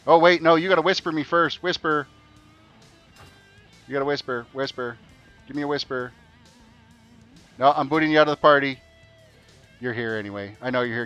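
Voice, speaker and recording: A man's voice: mid-range voice, normal speed, pauses often, fairly bright tone, lo-fi sound, faint music behind. A man streaming a game and hosting an in-game race event for his viewers. He chats casually and keeps repeating his instructions to the players. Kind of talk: casual live-stream commentary.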